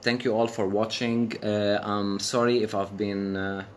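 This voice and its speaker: A man's voice: on the low side, little pitch movement, measured pace, a little hiss or hum. A man from Syria on a live stream, speaking with passion, swearing and repeating phrases for emphasis. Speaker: livestream host. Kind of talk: emotional live stream rant.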